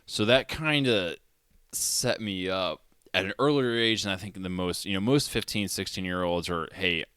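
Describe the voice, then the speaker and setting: A man hosting a podcast, talking reflectively in a relaxed conversation. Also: low voice, clear, resonant tone, no room sound, clean studio sound. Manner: reflective, measured. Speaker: podcast host.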